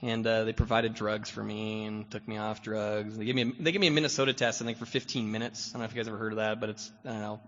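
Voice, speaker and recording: A man telling his story as guest speaker at a recovery meeting, loose and rambling, dotting every sentence with fillers and little chuckles. His voice is bright and forward. The sound is a dull, lo-fi recording with long reverb from a meeting hall. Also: fairly low pitch, flat delivery, fast, hardly any pauses. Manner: rambling, full of "you know" fillers, chuckles often. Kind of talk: personal recovery testimony.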